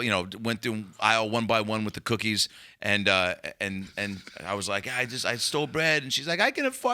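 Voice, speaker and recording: A man on a podcast telling a long story as a comedian guest, animated and profane, rambling with restarts. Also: on the low side, clear, resonant tone.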